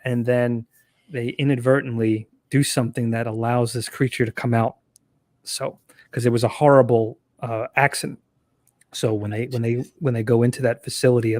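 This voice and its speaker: A man chatting as an interview guest, laid-back and chuckling, with plenty of "uh"s as he explains. His voice sits at a middle pitch. The recording is dry and close. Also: darkish tone, no echo. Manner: easygoing, chuckling, filler-heavy. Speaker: guest writer. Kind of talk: casual interview chat.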